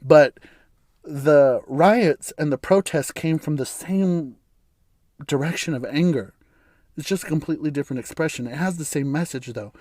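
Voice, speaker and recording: A man hosting a solo podcast speaks his mind in a candid, blunt monologue, swearing freely and breaking into laughter. His voice sits somewhat high for a man. The sound is dry and close, with no room echo. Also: normal speed, darkish tone. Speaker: podcast host.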